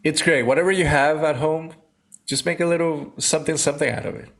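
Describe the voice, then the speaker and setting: A man's voice: on the high side, a little fast, a bit bright. A man co-hosting a podcast, talking in an easygoing way and laughing along. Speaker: podcast co-host. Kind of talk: casual chat.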